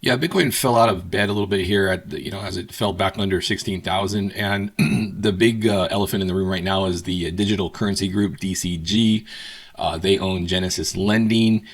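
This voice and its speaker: Deep-voiced man, relaxed co-host. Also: a little fast. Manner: relaxed, many fillers like um and you know. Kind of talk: casual market commentary.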